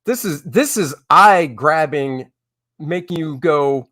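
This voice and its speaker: A middle-aged man chats on a live stream with a lively, swooping delivery, his voice sitting a little higher than most men's. He rambles through the topic with blunt, candid opinions. The tone is an unscripted, casual one. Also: takes it slowly. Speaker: comic artist hosting a live stream.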